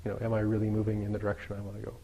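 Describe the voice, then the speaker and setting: A man's voice: fairly low pitch, completely flat delivery, rapid-fire, creaky, mellow, husky. A middle-aged man teaching Daoist ideas to a small group in a loose, joking, conversational way, laughing often and using many fillers. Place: room with a live group. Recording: dull lo-fi recording.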